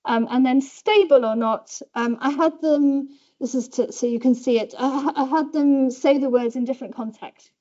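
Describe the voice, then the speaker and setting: A woman with a Southern British English accent giving a university lecture, chatty and self-deprecating, acting out pitch patterns as examples. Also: normal speed, dark tone, dull audio. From south of England. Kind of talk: academic lecture. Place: lecture hall.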